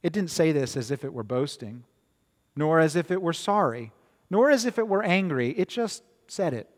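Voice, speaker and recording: A man with a fairly high, expressive voice preaches at normal speed, weaving stories into a conversational sermon. He often repeats words and checks in with "right?", and a long reverb fills the hall.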